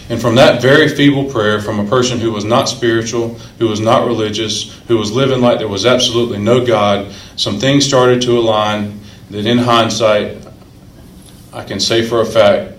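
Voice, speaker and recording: A man's voice: fairly low pitch, fairly even intonation, moderate pace, slight background noise. A man speaking earnestly and emotionally as a recovery meeting speaker, repeating phrases for emphasis. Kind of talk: personal recovery story told to a meeting. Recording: echoey room.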